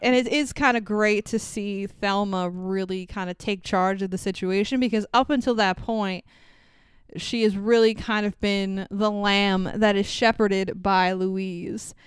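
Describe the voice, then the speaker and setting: A woman's voice: mid-range voice, steady tone, unhurried, clean tone, dry recording, clean studio sound. A woman co-hosting a podcast, recapping a movie in casual chat, swearing freely and laughing often. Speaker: podcast co-host.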